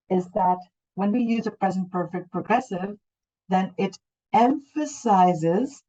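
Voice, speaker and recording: Patient lower-voiced woman teacher, lo-fi. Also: mellow. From Canada. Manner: patient, explanatory, repeats key points. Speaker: English teacher. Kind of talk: online class lesson. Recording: dull lo-fi audio.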